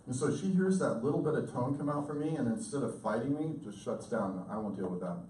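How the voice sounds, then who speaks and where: A man in his fifties, a communication professor, lecturing with lively, intense storytelling and acted-out quotes. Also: medium pitch, a little fast, a little hiss or hum. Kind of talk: lecture to an audience. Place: lecture hall. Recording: echoey hall recorded from far off.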